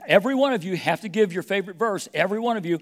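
A man voicing a brisk, cheerful Sunday school teacher who is calling on a class of children. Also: expressive. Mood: cheery. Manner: high, loud and quick, rallying children. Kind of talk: anecdote acted out in a sermon.

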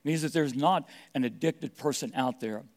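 A middle-aged man preaches a sermon in a voice of ordinary pitch. He presses hard on his points and builds them by repeating key phrases. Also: moderate pace, a little mellow. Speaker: pastor.

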